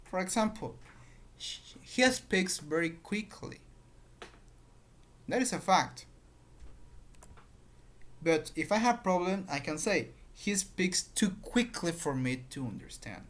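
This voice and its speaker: Slow teacher. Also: mid-range voice, lively intonation. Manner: repeats patterns, explains with examples. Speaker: English teacher. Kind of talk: grammar lesson.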